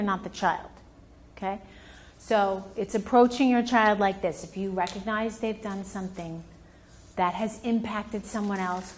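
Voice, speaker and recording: A woman family therapist gives a workshop talk to parents, animatedly explaining her points and acting out both parent and child voices. She speaks at a medium pitch.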